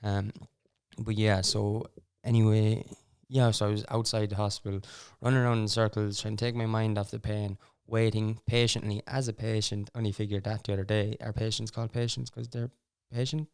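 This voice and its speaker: Low, resonant Irish man telling stories. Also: flat delivery, moderate pace, darkish tone, clear, resonant tone. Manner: rambling, self-interrupting, wry asides. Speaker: podcast host. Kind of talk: casual storytelling chat.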